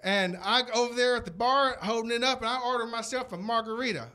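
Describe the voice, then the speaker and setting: A man's voice: very high-pitched, fast, pushed and bright. A man from Texas with a Texan accent, telling folksy, self-mocking stories in a stand-up comedy set.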